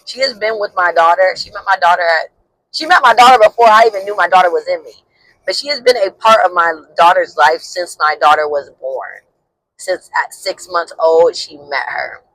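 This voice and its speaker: A woman's voice: on the low side, moderate pace, a bit bright, no room sound, low-quality recording. A woman in her thirties, a counselor and vlogger, telling a heartfelt personal story in a casual way, with many "like" fillers.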